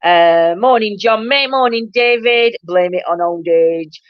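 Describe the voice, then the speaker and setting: A woman's voice: mid-range voice, a little slow, no room sound. Woman, broad Barnsley Yorkshire accent, chatty, laughs a lot, dry muffled sound. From Yorkshire, England. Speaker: livestream host. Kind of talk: casual chat reading viewer comments.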